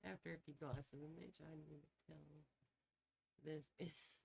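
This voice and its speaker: A woman's voice: low voice, fairly even intonation, a little slow, creaky, slightly rough. A woman co-hosting a live stream, joking, laughing often and reading the chat aloud. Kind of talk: casual chat.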